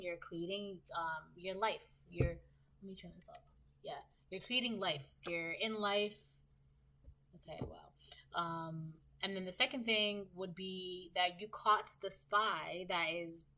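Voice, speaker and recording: A woman's voice: medium pitch, pushed and bright. A woman giving a casual, rambling tarot reading to her viewers, often ending her sentences with "right?". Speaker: tarot reader.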